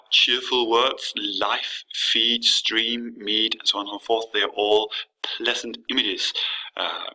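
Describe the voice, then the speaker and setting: Man, teacher, explains a poem to students, lowish voice, very bright and forceful tone, stops and restarts often. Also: breathy edge, rough recording. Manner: explanatory, with frequent fillers and restarts. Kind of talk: classroom lesson with a poem reading.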